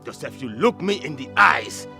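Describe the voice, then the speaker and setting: A menacing older brother. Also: male voice, a little high, sing-song, moderate pace, gravelly, bright, forceful tone, soft background music, full character voice. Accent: Nigerian. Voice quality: threatening, mocking. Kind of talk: Nollywood film acting.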